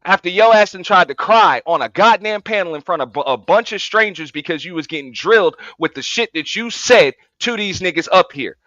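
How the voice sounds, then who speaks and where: Brief: man in a heated online debate, high, bright voice, taunting and profane. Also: lively intonation, brisk, few pauses, no echo, highs cut off. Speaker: panel participant. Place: online audio space.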